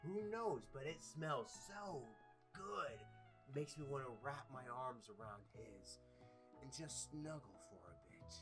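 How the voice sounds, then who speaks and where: A man playing a dating game, reading the text aloud in a playful, exaggerated way with sudden loud bursts. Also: medium pitch, lively intonation, slow pace, music in the background. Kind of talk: let's play commentary.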